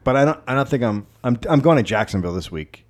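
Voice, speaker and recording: Speaking fast and expressively at a medium pitch, a middle-aged man trades stories on a laid-back comedy podcast he co-hosts. He acts out the quotes and swears plenty along the way.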